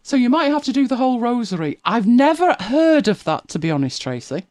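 A woman's voice: fairly high pitch, very animated, brisk, a little mellow, dry recording, studio quality. A woman, chatting casually as a podcast co-host and telling stories with frequent laughs. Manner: chatty storyteller, laughs often. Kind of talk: casual chat.

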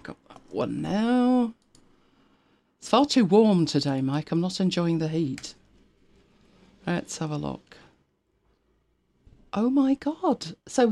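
A sarcastic, chatty co-host of a casual live stream, this woman from Britain laughs often and thinks out loud as she reads. She speaks in a lowish, creaky voice with a darkish tone.

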